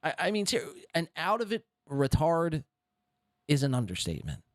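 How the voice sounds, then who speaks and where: A podcast host with a high, very lively voice. He talks in a sarcastic, mocking way and rants as he picks apart what he has just heard. The sound is close and dry. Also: normal speed, no echo. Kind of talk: commentary on a played clip.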